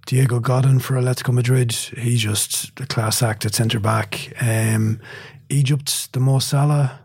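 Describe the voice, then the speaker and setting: A man's voice: mid-range voice, fairly even intonation, unhurried, darkish tone, husky, no echo. A man speaking as a guest pundit on a casual sports podcast, hesitant and searching for his words.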